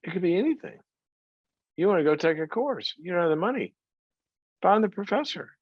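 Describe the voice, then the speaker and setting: A man telling a story in a motivational talk, animated, laughing often and repeating words as he goes. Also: high-pitched, fairly quick, husky, dry recording. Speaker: psychologist and speaker. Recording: dry, slightly dull sound.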